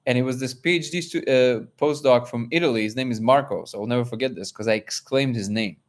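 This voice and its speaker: A man hosting a live discussion, telling a personal story in an animated way and acting out quotes. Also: medium pitch, quick pace. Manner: animated, acts out quotes, many restarts. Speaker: host.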